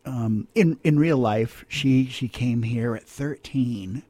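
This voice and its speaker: A studio guest telling a family story, hesitant, with many restarts. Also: male voice, mid-range voice, slow, warm tone, no room sound.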